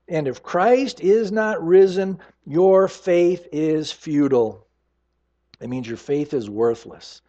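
Emphatic high-voiced male preacher. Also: a little mellow, highs cut off. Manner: emphatic preaching, slows down to stress scripture lines. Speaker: pastor. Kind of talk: sermon.

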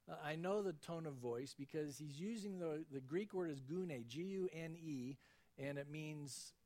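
In an unhurried, conversational sermon, a high-voiced man preaches as a pastor and mimics the voices of the people he quotes.

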